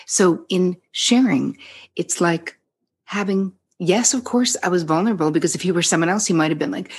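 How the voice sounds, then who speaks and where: Low husky New Jersey woman, candid. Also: normal speed. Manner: candid storyteller, swears freely, acts out quoted dialogue. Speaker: psychotherapist guest. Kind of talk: casual podcast conversation.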